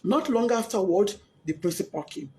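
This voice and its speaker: A grieving Nigerian mother giving a tearful, impassioned testimony, often breaking into shouts and sobs. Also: mid-range voice, animated, normal speed. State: crying, distraught. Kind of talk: emotional testimony.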